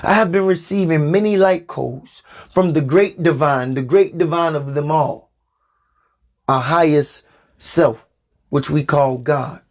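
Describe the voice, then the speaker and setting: A man hosting a spiritual podcast, delivering a sermon with slow, deliberate, preacherly emphasis. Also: on the high side.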